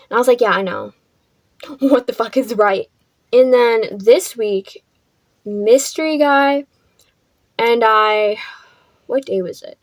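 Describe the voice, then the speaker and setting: A woman's voice: a little high, dry recording. A young woman vlogger telling a casual storytime, chatty, filling her talk with "like" and swearing freely.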